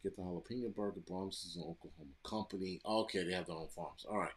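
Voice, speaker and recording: A man's voice: sits low, quick pace. A man from the United States hosting a live stream, ranting bluntly and profanely while answering chat comments. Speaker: livestream host reading chat.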